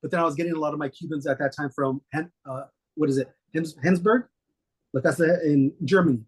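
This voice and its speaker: A middle-aged man, a guest, telling stories in a relaxed, rambling way with many fillers. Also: on the high side, fast talker, slightly rough. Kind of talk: casual storytelling interview.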